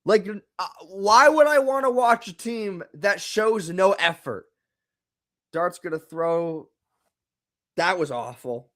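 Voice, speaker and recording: A young man streams his live reaction to a football game, sounding fed up as he repeats himself and swears now and then. His voice sits high for a man, and his talking is unhurried and drawn out. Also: lively intonation, a bit bright.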